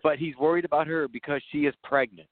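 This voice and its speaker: A man's voice: a little high, fairly even intonation, fast, no echo. A man in a casual film discussion, asking questions and laughing along. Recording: tinny phone line with crowd noise.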